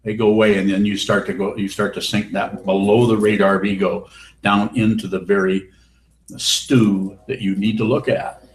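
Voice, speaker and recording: A male Buddhist teacher gives a dharma talk and fields questions in a blunt, wry, teasing manner. His lowish voice shows little pitch movement at a moderate pace. The roomy hall adds a faint background hiss.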